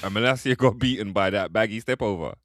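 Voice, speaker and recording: A man's voice: on the low side, quick pace, fairly bright tone, no echo, clean studio sound. A man co-hosting a football podcast, cutting in with blunt, slangy remarks and laughing a lot. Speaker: podcast co-host. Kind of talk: casual football chat.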